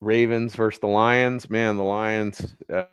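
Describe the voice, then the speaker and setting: A man's voice: lowish voice, little pitch movement, unhurried, clean tone, no echo, clean studio sound. A man co-hosting a sports podcast in a laid-back, agreeable way. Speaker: podcast co-host. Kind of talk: casual sports chat.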